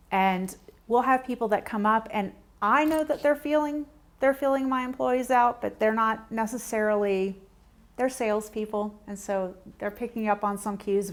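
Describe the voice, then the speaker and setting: A woman at a middle pitch gives a conversational training talk to a small group. She speaks animatedly, acting out everyday exchanges in quoted voices and putting direct questions to the audience. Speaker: workshop presenter.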